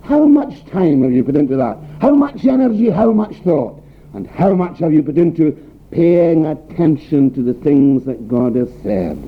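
A man's voice: a little high, lively intonation, moderate pace. Scottish preacher man on a tinny line. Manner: earnest, rhetorical questions, folksy anecdotes. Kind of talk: sermon. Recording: tinny phone-like recording with faint background noise.

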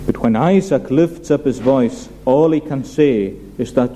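A man preaching a sermon in an earnest, measured way, addressing the congregation as his friends. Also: mid-range voice, warm tone, rough recording. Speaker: pastor.

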